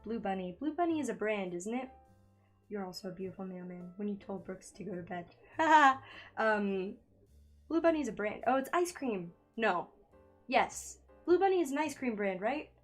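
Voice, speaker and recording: A woman's voice: medium pitch, lively intonation, moderate pace, faint music behind. Giggly, nervous young woman streamer. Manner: nervous, giggly, loses her train of thought. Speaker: streamer and digital artist. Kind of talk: casual live-stream chat while drawing. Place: home room by a window. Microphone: studio microphone in a makeshift home setup.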